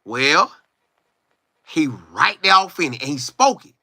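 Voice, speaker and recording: Lively, bright-voiced man chatting with viewers. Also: a little high, unhurried, gravelly, no room sound, studio quality. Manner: animated, chatty, sings and riffs, reads viewer comments aloud. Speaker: sports commentary streamer. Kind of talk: casual live-stream chat.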